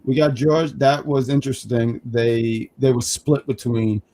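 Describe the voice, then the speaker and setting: A man co-hosting a casual wrestling review stream, talking in quick restarts and reading chat comments aloud. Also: medium pitch, fairly even intonation, warm tone. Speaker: wrestling review show co-host.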